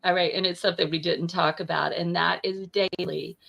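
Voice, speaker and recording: Low, gravelly woman giving coaching advice. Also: fairly even intonation, fairly quick, fairly bright tone, dull audio. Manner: direct, practical advice-giving. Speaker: business coach guest. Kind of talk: casual interview talk.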